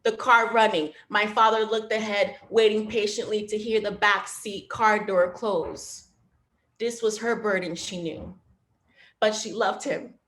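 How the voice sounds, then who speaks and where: A woman reading her own poetry aloud over a video call, with a measured, rhythmic delivery that drops to a hush. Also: mid-range voice, steady tone. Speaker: poet. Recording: roomy echo.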